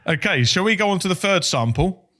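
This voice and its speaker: A man's voice: high voice, expressive, a little fast, sharp tone. A man co-hosting a podcast in casual chat, quizzing his co-host and laughing often between explanations.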